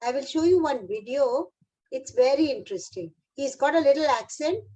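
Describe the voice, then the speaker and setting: An Indian English woman delivers a motivational keynote to a room of teachers, coaxing and encouraging them the way she would her own class. Her voice sits high, yet its tone stays mellow and warm. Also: lively intonation, normal speed, rough recording. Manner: encouraging, addresses audience like a class. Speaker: keynote speaker.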